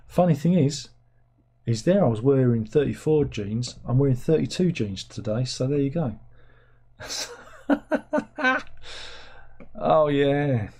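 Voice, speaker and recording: Middle-aged guy rambling on his livestream, dark husky voice, reads out chat comments. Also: medium pitch, very animated, measured pace, long pauses. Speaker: livestream host.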